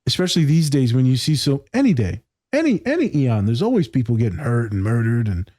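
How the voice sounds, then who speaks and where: A man hosts a casual podcast in a warm, mellow voice recorded close and dry. He speaks with emphasis and street slang, dropping "my guy" and the odd curse word. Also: mid-range voice, very animated, a little fast, hardly any pauses, no room sound. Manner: emphatic and slangy, says "my guy", swears freely. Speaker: podcast host.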